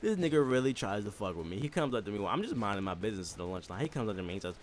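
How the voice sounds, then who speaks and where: A man's voice: on the low side, very animated, very fast, a little hiss or hum. A young man telling a comedic story in a casual, profane way, laughing often and mimicking voices.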